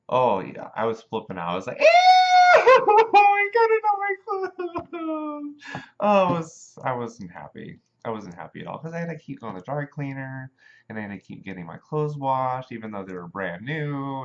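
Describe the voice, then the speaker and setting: A man hosting a casual monologue show, talking in an animated, rambling way with many fillers, in a dull lo-fi recording. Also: mid-range voice. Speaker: show host.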